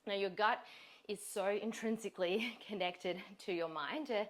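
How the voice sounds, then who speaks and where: A woman, a fitness coach and host, telling a story in casual chat, animated, laughing often and swearing freely. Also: mid-range voice, moderate pace.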